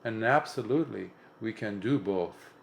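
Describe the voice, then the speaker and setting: Man, Buddhist monk, impromptu dharma talk, gravelly voice, earnest and emphatic, frequent restarts. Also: normal speed, a little hiss or hum. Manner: earnest, emphatic, rising in pitch for repeated points, with frequent restarts.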